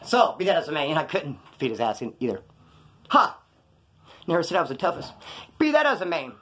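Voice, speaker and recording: A man's voice: fairly high pitch, huge pitch swings, rapid-fire. A man telling a rambling, profane story about his past, acting out the scenes as he goes. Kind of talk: casual storytelling.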